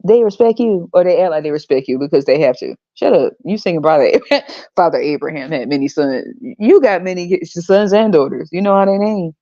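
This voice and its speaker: A woman's voice: fairly low pitch, lively intonation, a little fast, dark tone, dry recording, muffled recording. A woman hosting a podcast, ranting in a blunt, profane, mocking way and acting out other people's voices. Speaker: podcast host. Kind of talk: casual ranting monologue.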